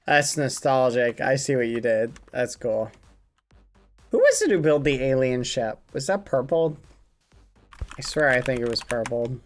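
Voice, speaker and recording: A man's voice: mid-range voice, big pitch swings, normal speed, faint music behind. A man hosting a building game on stream, casually chatting and joking with the players and encouraging them. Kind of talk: casual livestream commentary.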